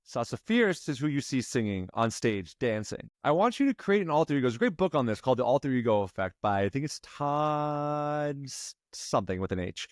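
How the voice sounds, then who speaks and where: A man coaching a client, emphatic and pushing, then slowing into calm guided breathing. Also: medium pitch, no room sound, studio quality. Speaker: life coach. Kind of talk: coaching session.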